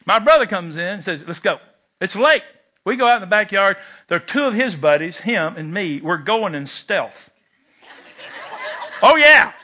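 A man's voice: high-pitched, normal speed. A man preaching a sermon, telling a personal story and acting out its lines. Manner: animated storyteller, shouts quoted lines. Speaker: pastor.

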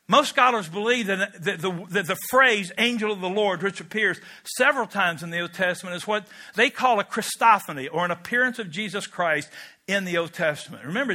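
A man's voice: high-pitched, bright, forceful tone. A man preaching a sermon as pastor, emphatic and storytelling, with conversational asides.

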